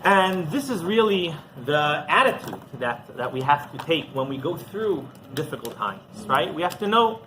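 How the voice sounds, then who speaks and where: A rabbi telling a story in a conversational sermon, halting and repeating himself as he goes. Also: on the high side, sing-song, sharp tone. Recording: noisy background.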